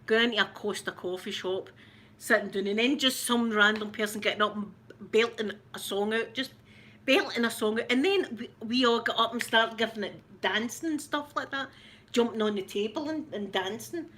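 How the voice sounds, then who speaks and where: A middle-aged woman from Scotland hosts an ASMR livestream, rambling casually and greeting viewers by name. Her voice is a little high and a bit bright, at a normal speed.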